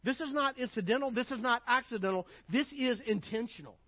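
Older man, pastor, sermon, high voice, emphatic, dry dull recording. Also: fairly quick, no room sound. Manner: emphatic preaching, builds to loud repeated phrases, drops to asides.

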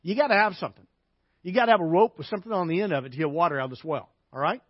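A man's voice: on the high side, very fast, breathy edge, dry recording. A male pastor preaching a sermon in a conversational way, often checking in with his listeners. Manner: conversational, frequent "okay?" check-ins. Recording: slightly dull, dry sound.

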